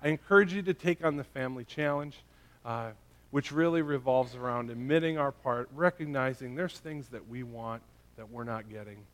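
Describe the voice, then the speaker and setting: A man's voice: mid-range voice, normal speed. A male pastor preaching a sermon in a conversational way, often checking in with his listeners by asking "right?" and "okay?".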